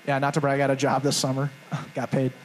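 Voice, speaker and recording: A man's voice: medium pitch, monotone, fast, slight background noise, low-quality recording. A young man co-hosting a live podcast show on stage, telling a rambling, self-mocking story and acting out the quotes. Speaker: podcast co-host. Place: live stage before a crowd.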